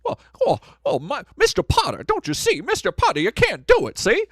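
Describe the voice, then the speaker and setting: A man's voice: very high voice, wildly swooping pitch, a bit bright, no echo, studio quality, voice pushed up, heavily acted. A man imitating a stammering, earnest classic-film leading man who pleads and ends his lines with "see?". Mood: pleading. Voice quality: halting, stammering. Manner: pleading, drawling "see?" tags.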